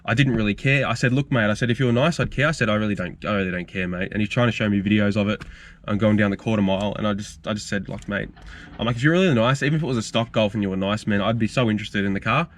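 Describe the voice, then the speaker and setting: A man's voice: on the low side, very fast, slight background noise. A young man, hosting a car channel and telling stories in a casual, rambling, frank Q&A vlog. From Australia. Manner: rambling, frank, storytelling with fillers.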